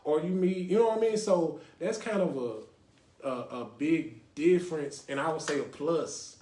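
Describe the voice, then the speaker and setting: A man's voice: fairly high pitch, expressive, moderate pace, mellow, reverberant. A man from North Dallas, hosting a casual podcast with call-ins and often saying "you know what I mean". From Lake Highlands, North Dallas, Texas. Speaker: podcast host.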